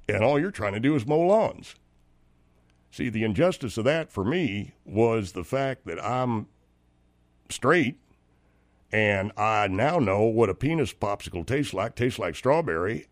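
A man's voice: lowish voice, no room sound. A man playing a flustered suburban husband who stammers and trips over his words as he airs an indignant grievance in a comedic monologue. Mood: aggrieved. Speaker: host of a comedy segment.

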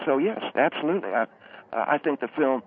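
A man calling in as a reverend, talking earnestly and haltingly with many hesitations. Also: mid-range voice, expressive. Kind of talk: call-in chat. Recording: tinny phone line.

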